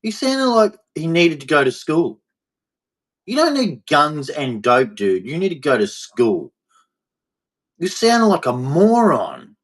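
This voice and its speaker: A man's voice: fairly high pitch, very animated, slow pace. A man, ranting bluntly and scornfully in commentary to the camera. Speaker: vlogger.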